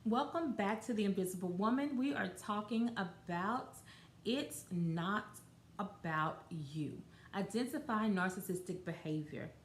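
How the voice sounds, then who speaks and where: A woman with a mid-range voice and lively intonation hosts a casual solo podcast at a measured pace. She talks loosely and conversationally with plenty of fillers and restarts, and the recording has roomy echo and slight background noise.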